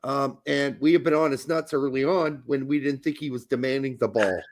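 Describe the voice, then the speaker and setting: A man's voice: medium pitch, brisk. A man co-hosting a casual soccer podcast, blunt and crude, talking emphatically. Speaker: podcast co-host.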